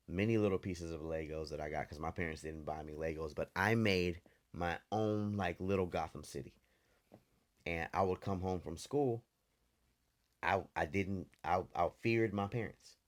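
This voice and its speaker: A man co-hosting a podcast, telling candid stories from childhood in a loose, casual way. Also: low voice. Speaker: podcast co-host. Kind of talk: casual chat.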